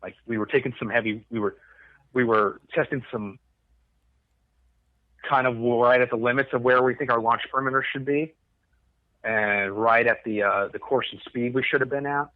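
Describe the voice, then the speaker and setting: A Coast Guard veteran telling a rambling, profane story in casual conversation. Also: male voice, medium pitch, fairly even intonation, moderate pace, pauses often, no echo, lo-fi sound. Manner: rambling, profane, restarts often.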